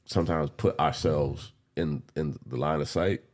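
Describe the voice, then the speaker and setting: Deep-voiced man in his forties, candid. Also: fairly even intonation, unhurried, darkish tone. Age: 40s. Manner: candid, rambling, with street slang and swearing. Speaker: podcast co-host. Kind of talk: casual chat.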